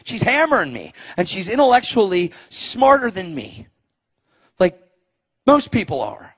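A man's voice: sits high, huge pitch swings, measured pace, slightly rough. A man preaching a testimony sermon, telling his story emphatically and punching it with sound effects. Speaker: evangelist. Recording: dull, muffled recording.

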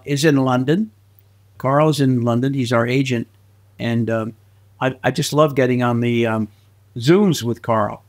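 A man telling stories as a guest in a relaxed interview, his pitch sitting in the middle range. He is a lively, animated storyteller who laughs easily and slips into little voices along the way. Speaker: guest actor and filmmaker.

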